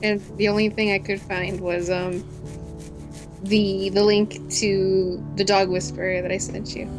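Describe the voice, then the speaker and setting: A woman with a mid-range voice banters casually, teasing and pushing back. Soft music plays faintly behind her. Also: medium pitch, flat delivery, unhurried. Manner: teasing, protesting.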